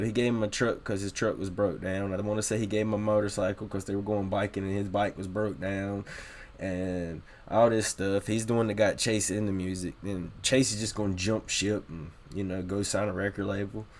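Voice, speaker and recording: A man's voice: fairly low pitch, steady tone, moderate pace. A man hosting a reaction video, talking casually and bluntly with exasperation about what he is watching.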